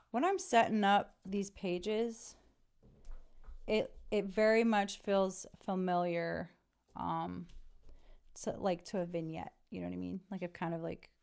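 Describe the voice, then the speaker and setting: A woman's voice: medium pitch, vocal fry. A middle-aged woman vlogging as she works on a journal page, chatting in a rambling, friendly way and talking to her viewers. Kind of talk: casual chat while crafting.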